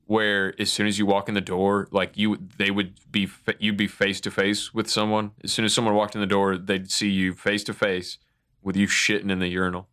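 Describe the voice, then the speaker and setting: A man's voice: lowish voice, completely flat delivery, fairly quick, fairly bright tone, clean tone. A young man hosting a podcast, telling a crude bathroom story casually, laughing and saying "like" a lot. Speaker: podcast host. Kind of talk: casual chat.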